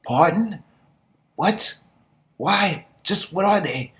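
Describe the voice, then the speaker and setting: A man doing a flustered, high-pitched young officer. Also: expressive, drawn-out words, a bit bright, exaggerated voice. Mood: alarmed. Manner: raised, flustered questioning.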